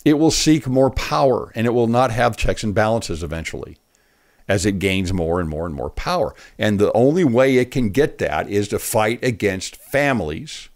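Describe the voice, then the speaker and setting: A man giving earnest, emphatic commentary on a political speech clip, pausing it to preach his point. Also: fairly low pitch. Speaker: online commentator.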